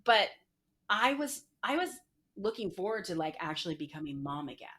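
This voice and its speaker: A woman's voice: lowish voice, big pitch swings, moderate pace, a bit bright. A middle-aged woman, a podcast guest, candidly telling a personal story with many "like" fillers. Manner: frequent "like" fillers, emotional retelling.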